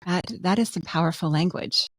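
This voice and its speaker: A woman dentist with a slightly low voice talks earnestly in casual podcast chat, telling everyday examples. The sound is dry and close. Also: a little fast, no echo. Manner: earnest, storytelling with quoted examples.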